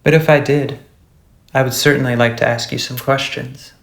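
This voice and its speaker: A meek, careful young girl , as a man reads her in a storybook. Her lines come softly and politely, with a gravelly edge to the voice. The room has a noticeable echo. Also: mid-range voice, fairly even intonation, normal speed, lightly acted. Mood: timid.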